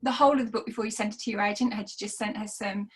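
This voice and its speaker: A woman hosting an online author conversation, encouraging and reacting quickly, reading out audience questions. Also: medium pitch, fairly even intonation, slightly rough. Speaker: host.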